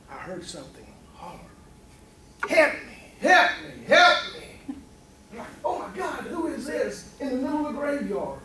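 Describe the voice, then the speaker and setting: A man's voice: high-pitched, fairly bright tone. A man telling a spooky bedtime story to a meeting audience in a put-on hillbilly drawl. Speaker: club member telling an impromptu story. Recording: echoey meeting room from far off, faint noise.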